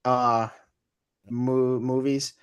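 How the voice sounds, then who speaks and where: A man's voice: mid-range voice, level tone, drawn-out words, clear, resonant tone, lo-fi sound. A man co-hosting a casual podcast, giving blunt, wry opinions on TV and movies. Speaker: podcast co-host. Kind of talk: casual chat.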